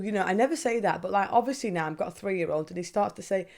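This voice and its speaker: A young woman hosting a podcast, talking casually and candidly, swearing freely and asking herself questions out loud. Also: medium pitch, fast talker. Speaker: podcast host. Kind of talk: casual monologue.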